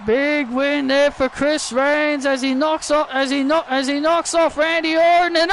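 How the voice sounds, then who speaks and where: A man doing excited play-by-play wrestling commentary over a video game, often shouting and repeating himself. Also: very high voice, measured pace, hardly any pauses, a crowd in the background, background noise.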